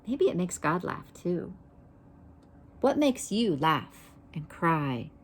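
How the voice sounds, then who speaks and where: Female reader for a children's picture book: slow, gentle, somewhat low voice, stops to pose questions to listeners. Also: sing-song, a little hiss or hum. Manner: gentle, unhurried, pauses to ask listeners questions. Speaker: storybook reader.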